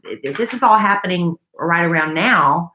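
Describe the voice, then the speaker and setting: A woman's voice: on the low side, animated, moderate pace, pushed and bright, echoey room, slight background noise. A woman co-hosting a podcast, reading listener mail in a chatty, enthusiastic way. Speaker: podcast co-host.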